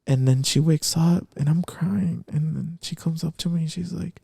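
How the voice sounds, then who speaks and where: A young man tells a story in a gravelly, mellow voice, with mixed in. He drops almost to a whisper at the serious parts. The sound is close and dry. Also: on the high side, steady tone, moderate pace, dry recording. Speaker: podcast co-host. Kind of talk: casual storytelling chat.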